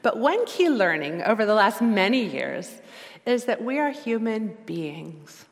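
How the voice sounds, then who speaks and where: Woman, middle-aged, lay preacher, earnest sermon, medium pitch, echoing sanctuary. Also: very animated. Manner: earnest, reflective, slows for quoted scripture.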